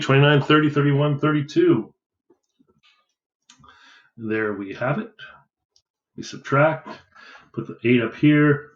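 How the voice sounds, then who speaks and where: In a roomy, muffled recording, a medium-pitched man walks through a worked math example. He talks in a relaxed way, reasoning aloud while counting his way through a division problem.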